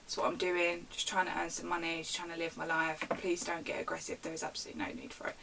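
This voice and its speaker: A woman's voice: fairly low pitch, fast, creaky. Young woman ranting on a vlog. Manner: animated, indignant ranting. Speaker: vlogger. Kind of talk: casual storytime rant. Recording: slightly distant mic with faint background hiss.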